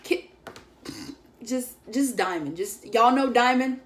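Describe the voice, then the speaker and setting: A woman's voice: on the high side, animated, slow pace. A young woman vlogger telling a story in a casual, chatty way, full of "like" and acted-out quotes of her friends. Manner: chatty, filler-heavy, acts out quoted friends.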